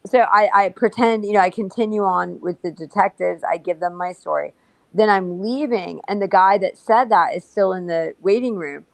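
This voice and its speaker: A woman's voice: medium pitch, moderate pace, gravelly, dry recording, low-quality recording. A woman telling her story bluntly and profanely in a casual livestream talk. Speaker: guest.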